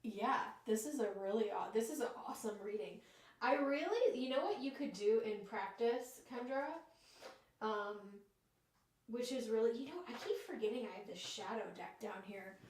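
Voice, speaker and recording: Woman, Northeast Ohio accent, tarot reader, fairly high voice, echoey room. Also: expressive, darkish tone, far from the mic. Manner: slow and easygoing, many fillers. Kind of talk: live-stream tarot reading. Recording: echoey room, voice away from mic.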